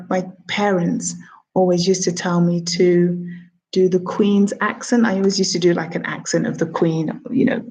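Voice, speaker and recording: A woman's voice: fairly low pitch, mellow, slight background noise, poor audio. A woman in her thirties, a TV producer, chatting casually on a livestream, answering her own questions and greeting viewers. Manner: chatty, talks to herself and viewers.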